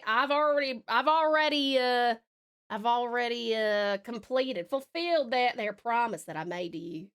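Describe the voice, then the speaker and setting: A woman with an Australian accent, chatting casually on a live art stream, laughing often and muttering softly as she draws. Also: high-pitched. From Tasmania, Australia. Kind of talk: casual live-stream chat while drawing.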